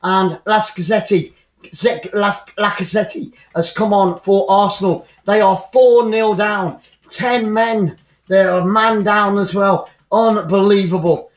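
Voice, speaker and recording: A man giving blunt, excitable live football fan commentary, often repeating himself. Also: high voice, takes it slowly, roomy sound, dull audio.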